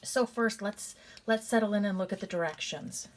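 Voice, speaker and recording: Speaking at a medium pitch, a woman teacher gives a recorded reading lesson. She moves methodically through patterns one step at a time, repeats them, and refers to her students as "you guys."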